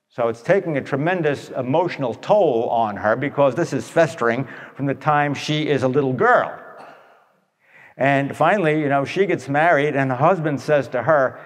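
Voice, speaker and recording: A man telling stories to an audience in a blunt, animated way, tossing in rhetorical questions. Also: a little high, normal speed. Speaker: speaker addressing an audience. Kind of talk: storytelling talk to an audience. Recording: long echoey hall reverb.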